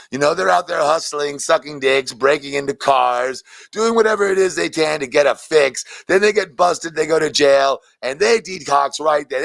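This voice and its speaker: A man plays a foul-mouthed alien monster frontman: gravelly, brash, bursts into shouted rants, dry close sound. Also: a little high, no room sound, heavily acted. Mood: scornful. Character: crude ranting male alien monster rock frontman. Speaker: singer in an interview clip.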